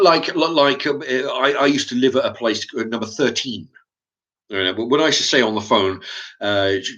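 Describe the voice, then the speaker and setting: A middle-aged man with an English accent, talking in a halting, rambling monologue to his channel's viewers, often stumbling and repeating his words. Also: fairly low pitch, sharp tone, muffled recording. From England. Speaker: YouTube channel host.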